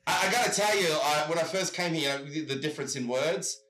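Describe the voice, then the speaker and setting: A man with an Australian accent tells rambling stories, over and over saying he has to tell you something. His voice is bright and a little high, and it rings in an echoey room. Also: quick pace. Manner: rambling storyteller, repeats "I gotta tell you". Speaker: guest. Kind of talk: casual chat. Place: home in Michigan.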